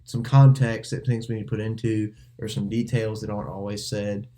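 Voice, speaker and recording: A man's voice: lowish voice, flat delivery, a little fast, warm tone. A man co-hosting a casual podcast chat, rambling and correcting himself as he steers the talk back on topic. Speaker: podcast co-host.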